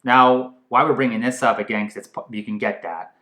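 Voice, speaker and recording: A man's voice: medium pitch, a little fast. Rambling man tasting wine in an echoey room. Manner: rambling, excitable, restarts while hunting for words. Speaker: host. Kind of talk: casual wine tasting chat.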